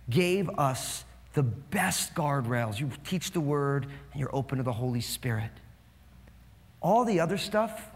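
A pastor from New Jersey preaching a sermon with fast, animated, joking delivery. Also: male voice, mid-range voice. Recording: long hall reverb.

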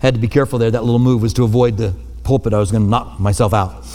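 A man's voice: medium pitch, fairly even intonation, rapid-fire, dark tone. A male pastor giving a sermon from a church pulpit, talking in a conversational way with self-deprecating asides. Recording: long hall reverb.

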